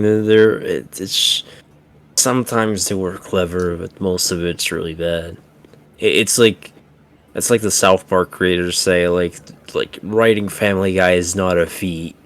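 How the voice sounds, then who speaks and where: A man playing a tabletop game, talking casually with many halting restarts and some swearing. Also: low voice. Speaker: player.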